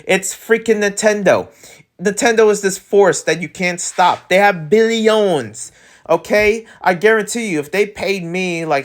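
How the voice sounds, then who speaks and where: Guy ranting on his podcast, rambly and animated, lots of "like" and restarts. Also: high-pitched, a little slow. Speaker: podcast host. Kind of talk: casual solo rant.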